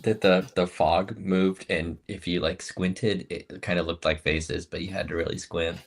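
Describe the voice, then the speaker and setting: A man's voice: sits low, steady tone, a little slow, vocal fry. A man playing his character in a tabletop game, stammering and scattered, repeating himself. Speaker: player.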